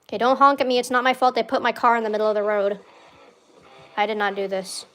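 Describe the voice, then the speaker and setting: A young woman chatting casually over gameplay, rambling with lots of "like" and swearing freely, with loud outbursts when the game goes wrong. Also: a little high, steady tone, fast. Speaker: gaming streamer.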